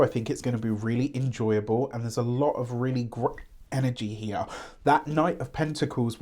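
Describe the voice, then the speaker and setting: Man, mid-pitched voice, tarot host who chats loosely with lots of asides. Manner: warm, rambling, fond of fillers and asides. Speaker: tarot reader. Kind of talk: chatty tarot reading to camera.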